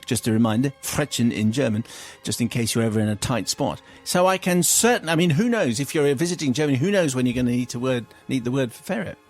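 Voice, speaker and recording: A man's voice: mid-range voice, fast talker, hardly any pauses. A middle-aged male radio host reading a listener's letter aloud in a wry, theatrical way. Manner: wry and theatrical, breaking into laughter.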